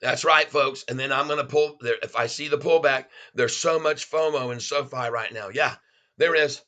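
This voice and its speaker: A stock trading livestream host narrates his day trades live as they fill, speaking at normal speed in a bright, punchy, mid-range voice over dull audio. Excited, he calls out prices and cheers each move while chatting warmly with viewers he calls "folks."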